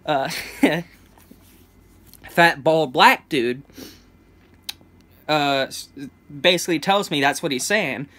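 A man's voice: fairly high pitch, animated, slow pace, long pauses, pushed and bright. A young man telling a casual storytime vlog, rambling with many restarts and stammers, chuckling between phrases. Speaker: vlogger.

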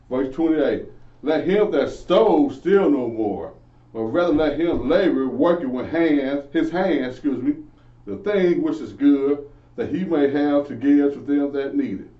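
A man's voice: on the high side, animated, measured pace. Earnest man teaching the Bible, echoey. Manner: earnest, preachy, asks and answers himself. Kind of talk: informal Bible lesson. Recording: echoey, distant, dull lo-fi.

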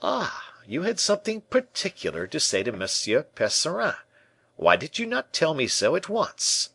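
A man's voice: fairly low pitch, huge pitch swings, normal speed, a bit bright, breathy edge, no echo, full character voice. A man voicing a curious, jovial male musketeer in a storybook reading, teasing and probing his friend. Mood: eager.

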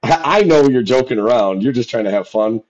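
A man co-hosting a casual podcast chat, telling coaching stories with animated acted-out quotes. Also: mid-range voice, fairly quick. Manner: animated storytelling, acts out quoted shouting. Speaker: podcast co-host and youth football coach. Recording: dull lo-fi sound.

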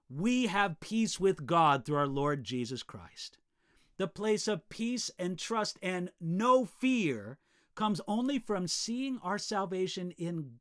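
A man preaching a short devotional in a fairly high voice that swings up and down through each phrase. He is earnest and emphatic. He draws out the words that matter most. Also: a bit bright. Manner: earnest, emphatic, slows down to stress key phrases. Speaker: pastor. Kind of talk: devotional teaching.

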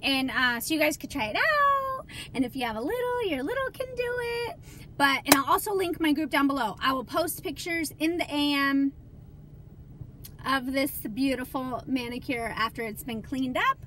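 A woman's voice: high voice, expressive, moderate pace, sharp tone, slight background noise. A woman, a mother, chatting casually and teasing her son on a live stream, giggling often. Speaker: mother demonstrating nail polish on a live stream.

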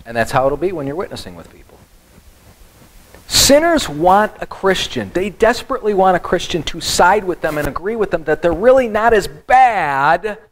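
Male pastor, animated Bible teacher with a lively, slightly high voice. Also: poor audio. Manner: animated, joking asides to the congregation. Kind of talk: Bible study sermon.

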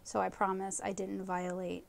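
A woman's voice: mid-range voice, completely flat delivery, normal speed, creaky. A woman comic artist chatting enthusiastically through a live watercolor painting tutorial, rambling with fillers as she loses her voice. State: losing her voice.

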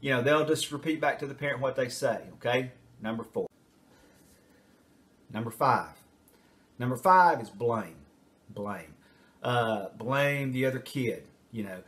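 An older man, a retired teacher, talks parents through a numbered list in a loose, rambling way. He fills his speech with asides and fillers. His voice sits at an ordinary middle pitch. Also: a little slow, a bit bright. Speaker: retired teacher and school administrator. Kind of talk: casual advice talk to camera.

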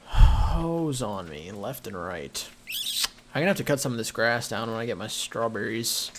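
A man's voice: fairly low pitch, animated, moderate pace, a little hiss or hum. A young man giving casual, joking gameplay commentary with a friend, prone to giggles and offhand remarks. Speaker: gaming co-host.

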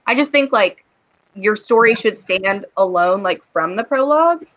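A woman's voice: medium pitch, expressive, moderate pace, highs cut off, noisy background. A woman hosting a casual livestream chat, reading viewer comments aloud and laughing often. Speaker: livestream host.

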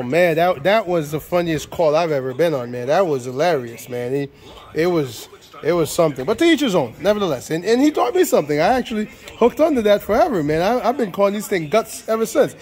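Guy with a pretty high voice hyping up a car on an outdoor lot, playful salesman talk, repeats himself a lot. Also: sing-song, fairly quick, a little mellow. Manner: hyped, playful salesman patter with lots of repetition. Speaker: used car dealer. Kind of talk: casual sales walkaround video.

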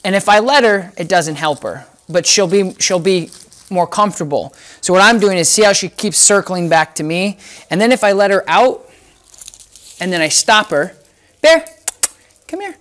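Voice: medium pitch, lively intonation, normal speed. A dog trainer explaining in a casual, emphatic way, repeating phrases for effect while working with a dog. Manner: talks to the dog in soft whispers between explanations. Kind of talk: casual instructional talk.

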